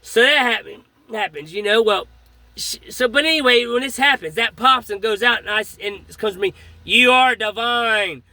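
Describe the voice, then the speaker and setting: A man's voice: sits high, a little fast, pushed and bright, no room sound. A man earnestly telling a rambling personal story about his faith, with frequent fillers and restarts. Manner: speech full of fillers and restarts. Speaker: storyteller recounting a personal experience. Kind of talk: casual spoken testimony.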